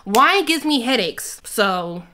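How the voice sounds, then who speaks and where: A woman in her twenties reading out a quiz in a casual, playful chat full of slang and quick asides. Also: a little high, big pitch swings, bright, forceful tone. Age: 20s. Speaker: YouTuber.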